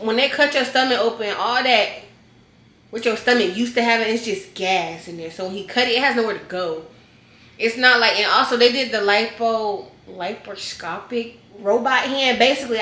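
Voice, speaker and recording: A woman vlogger telling a storytime in a casual, slangy way, animated and acting out scenes. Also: mid-range voice. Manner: animated, slangy, acts out scenes with loud yells. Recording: echoey room.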